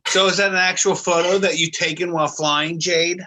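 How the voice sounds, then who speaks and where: A bright, slightly high-pitched man chatting on a video call. He talks loudly and teases, in a casual, joking way. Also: steady tone, brisk. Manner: joking, teasing, loud and chatty. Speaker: co-host of an online video call show.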